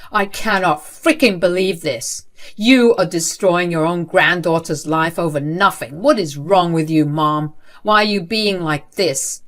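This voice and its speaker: A woman's voice: mid-range voice, lively intonation, measured pace, lightly acted. A woman reading as an outraged father. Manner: outraged, shouting questions. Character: furious middle-aged father defending his daughter.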